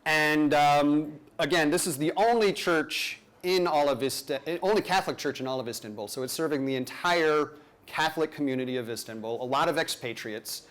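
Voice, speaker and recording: A man's voice: fairly high pitch, moderate pace, fairly bright tone. A man telling a personal story live to an audience, conversational with playful, self-deprecating asides.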